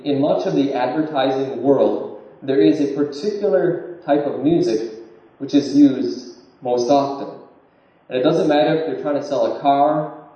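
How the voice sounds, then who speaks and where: A man giving an informal talk, halting and repeating words as he explains. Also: mid-range voice, warm tone. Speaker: lecturer. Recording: distant, muffled room recording with heavy echo.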